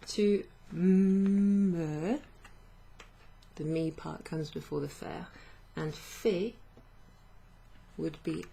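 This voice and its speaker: Slow, gravelly-voiced woman teaching French. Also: sits low, fairly even intonation, dark tone. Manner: slow, patient explaining with fillers and self-corrections. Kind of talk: online language lesson.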